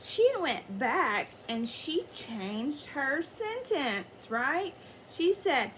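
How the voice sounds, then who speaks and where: Expressive woman teacher reading to kids. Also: high-pitched, drawn-out words, slight background noise. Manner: expressive, questioning the children. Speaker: elementary school teacher. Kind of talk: children's story read-aloud.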